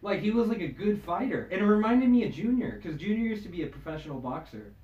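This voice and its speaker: A comedian telling a story in casual chat, swearing freely, laughing and acting out the people in it. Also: male voice, high-pitched, lively intonation, fast talker, darkish tone, muffled recording. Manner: profane, laughing, acts out quoted voices. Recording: echoey room, off-mic.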